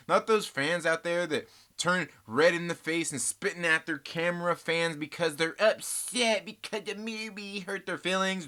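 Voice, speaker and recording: A man runs a comic book channel, chatting and rambling casually while joking, teasing, and calling his viewers "guys." His voice is fairly high-pitched with a sharp tone at a moderate pace.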